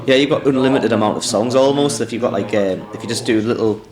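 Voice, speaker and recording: A man co-hosting a casual podcast in a pub, chatty and quick to agree. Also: medium pitch, a crowd in the background. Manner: chatty, agreeable, many yeahs. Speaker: podcast co-host.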